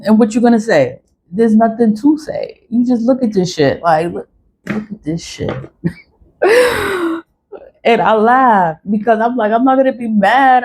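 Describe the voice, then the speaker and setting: A woman's voice: medium pitch, a little mellow. A woman ranting to the camera in a blunt, profane, defiant way, repeating her phrases and laughing between lines. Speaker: vlogger.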